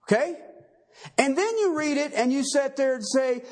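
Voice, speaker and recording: A man's voice: very high voice, normal speed. A man preaching a sermon, emphatic, quizzing his listeners with rhetorical questions and tagging points with "okay" and "all right.". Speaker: pastor.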